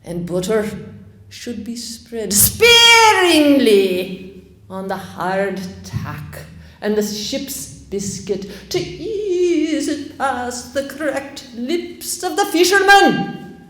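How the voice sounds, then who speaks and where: A woman voicing a pompous, dour male sheriff with a light Scottish accent, declaiming loudly and slowly in a sing-song way. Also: high-pitched, big pitch swings, echoey room, voice pushed up, heavily acted.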